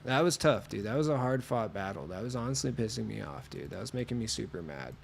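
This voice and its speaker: A man's voice: on the low side, fast talker, gravelly, a little hiss or hum. Sick man streaming a basketball game. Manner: swearing, excitable, talks to chat while playing. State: sick, voice lower than usual. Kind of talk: casual gaming stream chat.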